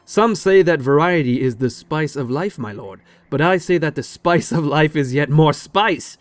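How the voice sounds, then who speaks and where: A man's voice: a little high, animated, moderate pace, no echo, lightly acted. A man putting on a flowery spice merchant's accent. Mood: grandiose. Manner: reading aloud in a put-on accent, grandly flowery. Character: pompous male spice merchant pleading with a king.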